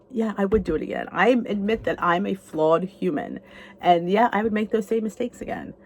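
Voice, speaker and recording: A woman's voice: a little fast, darkish tone. A woman in her fifties from the United States, talking candidly to the camera in a casual vlog about weight loss. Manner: candid, conversational, pitch rising on emphasis.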